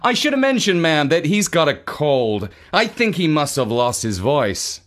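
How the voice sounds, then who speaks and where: A woman voicing a polite, earnest young boy, raising her voice to a higher, brighter register for him. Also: big pitch swings, measured pace.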